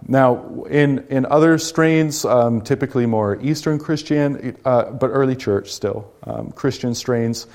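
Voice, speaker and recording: A man's voice: fairly low pitch, darkish tone. A man leading a Bible study class, explaining scripture conversationally and asking rhetorical questions.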